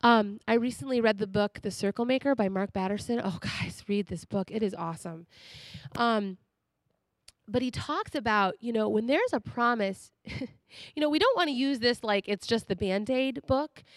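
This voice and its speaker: Chatty, animated female preacher with a high voice and a dry, close sound. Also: normal speed, no echo. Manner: animated and chatty, laughs often. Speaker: speaker. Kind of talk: sermon.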